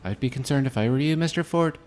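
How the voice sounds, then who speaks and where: A man's voice: medium pitch, fast talker, darkish tone, pitched above the performer's own voice, lightly acted. Man playing a chatty, teasing Northern Irish heavy who rambles, with faint music behind. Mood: sly. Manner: rambling, teasing, mock-formal "Mister Ford".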